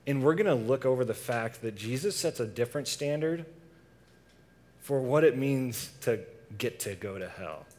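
A man's voice: mid-range voice, expressive, moderate pace, darkish tone. Young guy giving a laid-back youth group sermon, keeps asking the crowd stuff, medium voice. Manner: casual, asks the audience questions.

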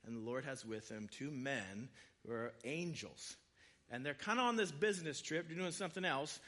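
A man giving a sermon, retelling scripture stories in a casual, conversational way with quick voiced asides. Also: medium pitch, bright, forceful tone. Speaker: preacher.

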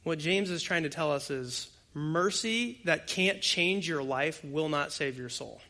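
A man's voice: a little high, a little slow, pushed and bright. A male pastor preaching an expository sermon in a conversational, emphatic way and speaking directly to the congregation. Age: adult with young children.

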